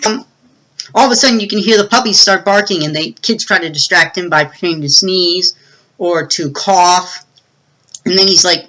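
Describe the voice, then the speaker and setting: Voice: mid-range voice, normal speed, pushed and bright, low-quality recording. A movie reviewer giving a casual, rambling plot recap with many fillers and restarts.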